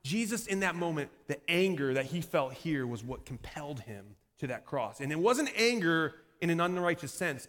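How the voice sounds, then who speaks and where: A man in his thirties preaching a sermon as pastor, shifting from lively delivery to quiet, intense passages. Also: a little high. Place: church sanctuary. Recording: long hall reverb.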